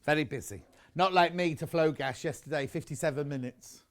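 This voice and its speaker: A man's voice: fairly high pitch, a little fast. A man presenting on a live shopping channel, chatty and enthusiastic, rambling into personal asides between prices.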